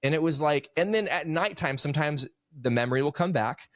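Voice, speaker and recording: A man's voice: on the high side, a little fast, no room sound, clean studio sound. A man in his thirties, a podcast guest and author, earnestly telling a personal story in casual conversation. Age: 30s.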